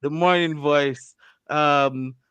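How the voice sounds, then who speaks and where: Bright-voiced, teasing radio host man. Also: fairly high pitch, extremely slow, clear, resonant tone, no echo, lo-fi sound. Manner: teasing, animated, laughs often. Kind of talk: playful casual radio chat. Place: radio studio.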